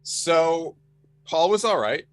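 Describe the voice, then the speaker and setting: A relaxed man co-hosting a casual podcast chat, giving short easygoing replies. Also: fairly high pitch, takes it slowly, poor audio. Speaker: podcast co-host.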